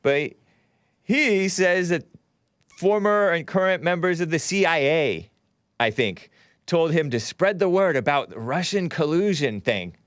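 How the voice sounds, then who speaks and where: A man's voice: a little high, expressive, unhurried, fairly bright tone, no room sound, studio quality. A man hosting a talk show, giving rambling, sarcastic political commentary with scornful asides.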